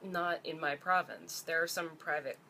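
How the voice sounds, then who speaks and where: Young woman from Canada, vlogger, lowish voice, blunt and swearing, faint room hum behind. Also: fairly even intonation, normal speed, creaky, bright, forceful tone. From Canada (Ontario). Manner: blunt and profane, rising to heated exasperation. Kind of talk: ranting vlog to camera.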